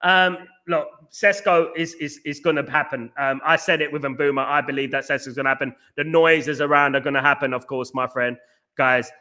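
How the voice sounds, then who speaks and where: A man's voice: fairly high pitch, fairly even intonation, moderate pace, pushed and bright. Chatty man hosting a football stream. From London. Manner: repetitive, many fillers and restarts, combative. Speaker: host of a football fan livestream. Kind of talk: casual livestream chat reading viewer comments.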